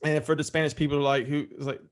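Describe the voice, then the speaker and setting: A man's voice: fairly high pitch, level tone, fast talker. A man guesting on a podcast, chatting casually in a loose, rambling way and cussing freely. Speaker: guest, interview podcast host. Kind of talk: casual storytelling chat.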